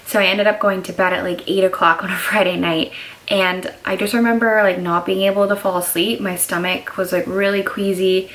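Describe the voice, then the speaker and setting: A woman's voice: medium pitch, fairly bright tone, rough recording. A young pregnant woman telling her story in a candid, chatty video diary. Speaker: vlogger.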